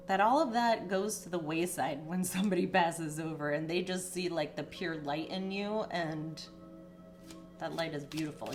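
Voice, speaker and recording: A tarot reader delivers a chatty, casual spiritual reading full of filler words. Emotion creeps in; she turns teary at times, and her pitch lifts.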